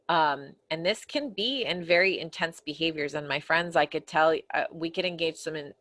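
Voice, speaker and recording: A middle-aged woman teaching a parenting course, earnest and conversational, often dropping to a soft, quiet voice. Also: low-pitched. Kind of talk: recorded course lesson. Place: home office corner.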